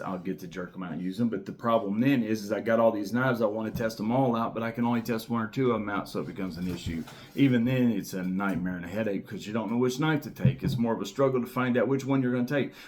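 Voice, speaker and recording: A man's voice: fairly low pitch, darkish tone. A man in his thirties hosting his own knife channel, talking casually to camera in a rambling, enthusiastic way with lots of fillers and repeated words. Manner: repeats key words for emphasis. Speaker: knife reviewer and channel host.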